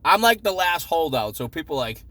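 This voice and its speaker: A man's voice: a little high, moderate pace. Profane ranting Boston man. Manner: profane, sarcastic, animated ranting. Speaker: vlogger. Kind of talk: ranting story time.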